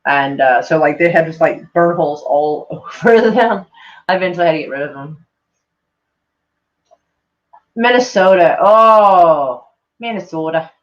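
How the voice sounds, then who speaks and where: In a casual livestream chat, a woman with a low voice talks briskly, wandering from topic to topic, teasing herself and cursing without restraint. The audio is dull and lo-fi.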